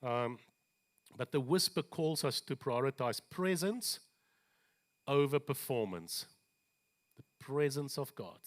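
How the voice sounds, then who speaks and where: A man preaching a sermon in a church, animated, with joking asides and slower scripture readings. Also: medium pitch. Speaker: pastor.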